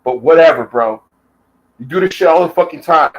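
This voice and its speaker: Combative American man, heated and profane, rant-style delivery, voice on the high side. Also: lively intonation, a little fast, muffled recording. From United States. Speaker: YouTube commentator. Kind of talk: angry reaction rant.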